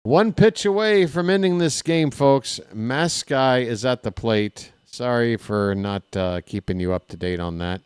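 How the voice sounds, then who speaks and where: A man calling a baseball game live in a casual play-by-play style, chatty and candid, drifting into personal asides between the pitches. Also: measured pace, hardly any pauses, a little mellow, clean tone, dry recording. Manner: candid and self-deprecating. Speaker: play-by-play announcer.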